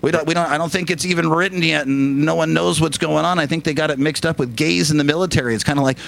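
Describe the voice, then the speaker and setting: A man's voice: a little high, fast, gravelly, hardly any pauses. A middle-aged man chatting casually as a radio guest, folksy and joking, rambling with laughs. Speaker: guest musician.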